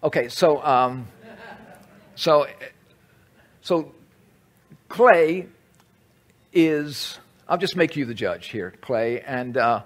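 A man's voice: mid-range voice, animated, extremely slow, long pauses. A man preaching a conversational sermon, teaching with asides to the audience. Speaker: pastor.

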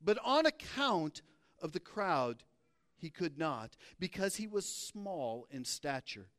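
Pastor, male, high-pitched and unhurried, lively storytelling sermon, church hall with long reverb. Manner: animated, playful storytelling preacher. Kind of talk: sermon with scripture reading. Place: church sanctuary.

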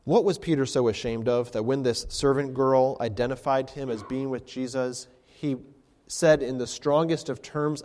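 A man's voice: medium pitch, steady tone, normal speed, a little mellow. Preaching man in a reverberant hall. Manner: expository preaching with rhetorical questions. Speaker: pastor. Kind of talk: sermon.

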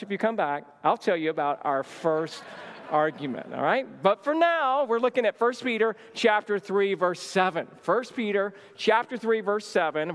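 A man telling a personal story in a sermon, speaking casually with lots of "like" fillers. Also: high-pitched. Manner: lively storyteller, many "like" fillers. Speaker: church minister teaching a marriage session. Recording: long hall reverb.

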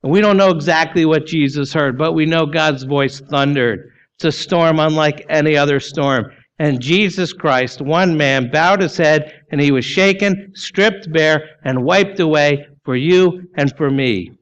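A man preaching a sermon as pastor, emphatic and full of rhetorical questions, sometimes sinking low and quiet. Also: measured pace, smooth, muffled recording.

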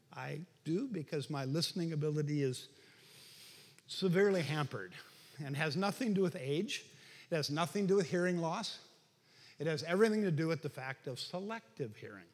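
Male pastor, middle-aged, slightly high and husky, chatty sermon with loud peaks, long hall echo. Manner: conversational, rises to shouting for emphasis. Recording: reverberant hall.

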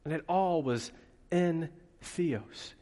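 A man preaching a sermon as pastor, lively and playful, with asides to the congregation. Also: fairly high pitch, takes it slowly, long reverb tail. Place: church hall.

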